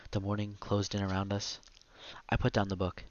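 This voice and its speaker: A man narrating a literary audiobook in a measured, quiet, reflective delivery. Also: lowish voice, completely flat delivery, dull audio.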